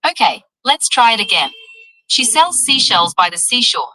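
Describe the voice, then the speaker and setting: Bright, encouraging AI assistant woman voice. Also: on the high side, big pitch swings, normal speed, dry recording, low-quality recording. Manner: upbeat, encouraging, evenly paced. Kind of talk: AI assistant tutoring.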